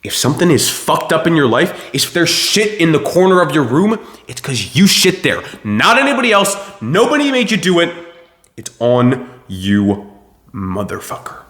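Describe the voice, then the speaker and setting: A young man giving a blunt, profane motivational rant, preachy and forceful. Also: fairly high pitch, sing-song, normal speed, echoey room. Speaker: self-improvement video host.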